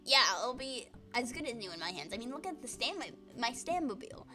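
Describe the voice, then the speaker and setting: A woman voicing a cocky, boastful older man who talks in a loud, folksy way. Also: fairly high pitch, very animated, fairly quick, over music, voice pushed up.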